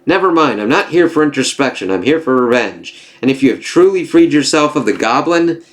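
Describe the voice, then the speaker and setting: A man's voice: medium pitch, expressive, a little fast, pitched above the performer's own voice, lightly acted. A man reading the lines of a vengeful, scheming male supervillain scientist from a comic, voiced in a raised, intense tone.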